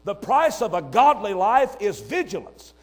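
Older man, high-pitched, preaching, emphatic, drops to near-whispers. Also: very animated, moderate pace. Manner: emphatic, swings between loud and hushed. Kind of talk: sermon.

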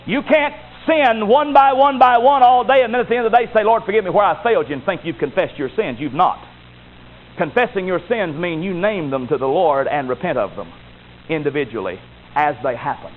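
Emphatic preacher man, tinny sound. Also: normal speed. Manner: emphatic preaching, swinging between loud exclamations and low asides. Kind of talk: sermon. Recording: tinny phone-like sound with faint noise.

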